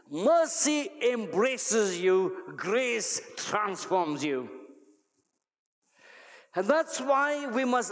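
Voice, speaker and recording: A male pastor preaching a sermon to his church, emphatic and repeating key phrases. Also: extremely high pitch. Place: church hall. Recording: long reverb of a large hall.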